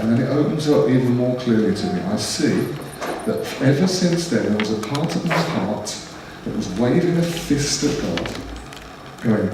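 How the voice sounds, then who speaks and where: A middle-aged man gives an earnest, emotional personal testimony to a church gathering, his mid-range voice expressive at a moderate pace. He's captured by a distant mic in a large, echoey church hall, and the recording is noisy.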